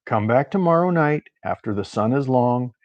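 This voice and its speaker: An ancient warlock, read by a man in his own voice, calm and measured. His voice sounds deep and clear, with an unhurried delivery. It is a dry, close recording. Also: no room sound, muffled recording, natural voice. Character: ancient male warlock posing as a folksy handyman. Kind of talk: audiobook reading.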